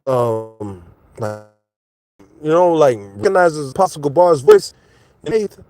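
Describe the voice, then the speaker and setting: A man's voice: fairly high pitch, very animated, a little slow, darkish tone. A man telling a personal story in a casual, rambling way, full of fillers and restarts.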